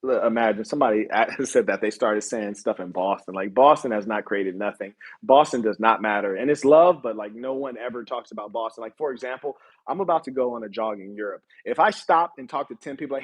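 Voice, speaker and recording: A man's voice: medium pitch, brisk, few pauses, husky. Blunt, mocking man hosting a livestream. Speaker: host. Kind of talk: livestream commentary.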